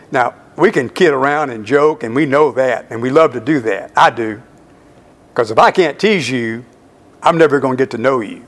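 A male pastor preaching slowly through a Bible passage, stressing key words and repeating lines for emphasis. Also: mid-range voice. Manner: slow, emphatic Bible exposition. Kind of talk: sermon.

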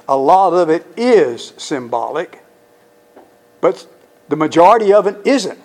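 A man's voice: fairly high pitch, a little mellow. A man teaching the Bible verse by verse in an emphatic, conversational way, often putting questions to his listeners.

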